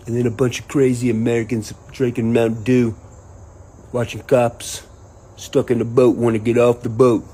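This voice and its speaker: A man ranting casually and profanely, rambling and animated. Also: medium pitch, moderate pace, breathy edge, poor audio. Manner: profane, rambling, animated, quotes people in mock voices. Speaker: online commentator. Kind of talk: casual rant to camera.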